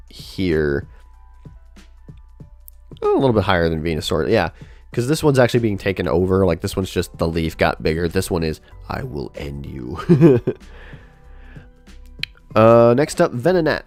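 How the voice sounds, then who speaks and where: A man giving casual livestream commentary, chatty and thinking out loud, laughing often. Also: fairly low pitch, dry recording. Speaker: livestreamer ranking a tier list.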